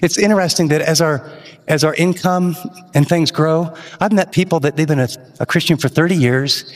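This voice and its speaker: A pastor giving an earnest, emphatic sermon with rising questions. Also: male voice, on the high side, moderate pace, in a large hall.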